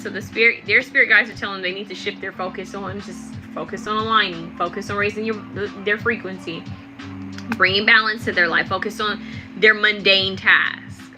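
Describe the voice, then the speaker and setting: A woman's voice: mid-range voice, low-quality recording. A young adult woman giving a chatty, rambling live tarot reading with lots of fillers. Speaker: tarot reader.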